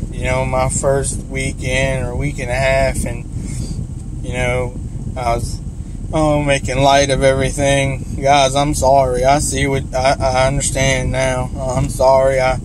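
A man, talking in a halting, emotional, tearful way in a confessional vlog, full of restarts and apologies. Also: medium pitch. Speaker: vlogger in recovery. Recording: outdoor recording with loud traffic noise.

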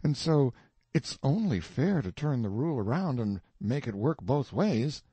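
A man's voice: mid-range voice, very animated, a little slow, dark tone, husky, no room sound. A man reading the part of an anxious, easily alarmed companion in an audiobook, speaking plaintively. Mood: anxious pleading. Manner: pleading, plaintive.

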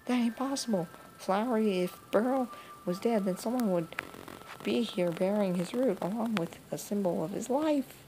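A woman's voice: mid-range voice, normal speed, voice pushed up, natural voice. A woman voicing a folksy, grieving old grandmother from a video game, reading the dialogue in a drawling way. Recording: noisy home recording.

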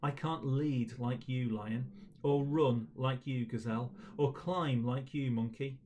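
A man's voice: mid-range voice, level tone, slow, dark tone, natural voice. A man voicing a sad, timid little female mouse in a storybook read to children. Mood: downcast.

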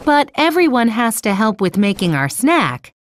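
A woman voicing a cheerful teacher in an animated children's story, speaking in a friendly, clear, instructive way. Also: on the high side, normal speed, dry recording. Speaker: teacher at a kids' center.

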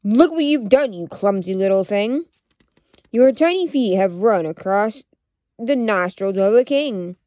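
A woman voicing a mighty, grumpy male lion who growls and scolds loudly. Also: fairly high pitch, expressive, moderate pace, hardly any pauses, no room sound, muffled recording, natural voice. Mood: angry.

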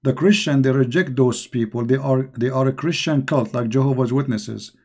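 A man's voice: mid-range voice, moderate pace, darkish tone. A man hosting a live online discussion, speaking in a mocking, emphatic and repetitive way, with non-native English grammar. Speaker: online debate host.

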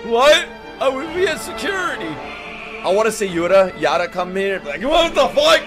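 Excitable young man reacting, animated pitch. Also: fairly quick. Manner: excitable, swearing, laughing outbursts. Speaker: anime reaction streamer. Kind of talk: live reaction commentary. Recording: show audio and music behind. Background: anime soundtrack music.

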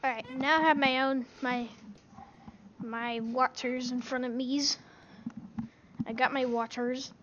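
Woman gamer, high voice, casual excitable commentary, headset mic, dull lo-fi audio with faint noise. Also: slow pace, pauses often. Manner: excitable, bursts into shouting. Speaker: gaming video creator. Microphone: gaming headset.

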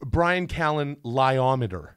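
A middle-aged man chatting as a podcast guest, telling animated stories with sudden yelps, his voice wavering as if choked up. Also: mid-range voice, slow pace, smooth, dry recording, studio quality. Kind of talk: casual podcast chat.

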